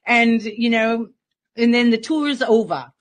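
A woman's voice: fairly high pitch, takes it slowly. A woman telling a story as an interview guest in a casual, rambling way, full of fillers.

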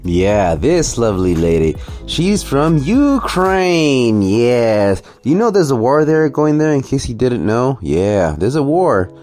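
A man's voice: medium pitch, big pitch swings, slow, few pauses, darkish tone, faint music behind. A man ranting sarcastically and profanely through a reaction commentary video. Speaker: commentary vlogger.

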